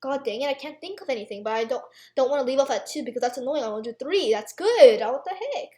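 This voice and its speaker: A woman's voice: high-pitched, expressive, quick pace, mellow, roomy sound. A teenage girl ranting in a rambling, self-mocking way, packed with fillers, while playing a game on her channel. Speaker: gaming YouTuber. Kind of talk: rambling chatty rant over gameplay.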